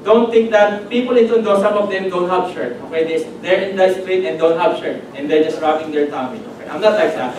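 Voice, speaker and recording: A Filipino-accented man preaches in a loose, chatty way and keeps asking his listeners "okay?". His voice sits a bit high for a man. It is picked up from a distance in a very echoey hall with clear background noise. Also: brisk, few pauses, a little mellow. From Philippines. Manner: conversational, checks in with "okay?" often. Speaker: pastor. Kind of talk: sermon.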